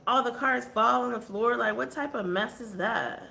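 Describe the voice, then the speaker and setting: A woman's voice: fairly high pitch, normal speed, vocal fry, pushed and bright, slight background noise. Chatty woman reading tarot cards. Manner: chatty, blunt, exasperated asides. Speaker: tarot reader.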